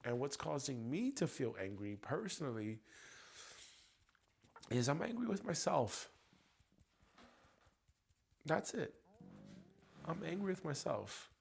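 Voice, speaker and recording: Gravelly man venting in a raw monologue. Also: a little high, very animated, takes it slowly, long pauses. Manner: raw, profane, swinging from ranting to quiet reflection. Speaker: EFT tapping coach. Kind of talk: emotional personal monologue.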